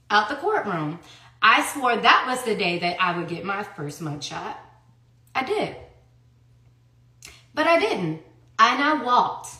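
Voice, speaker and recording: A woman's voice: a little high, sharp tone. A woman giving a heated personal account in an interview, blunt and profane, who hammers her points with repeated rhetorical questions. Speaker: interview guest. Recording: echoey room.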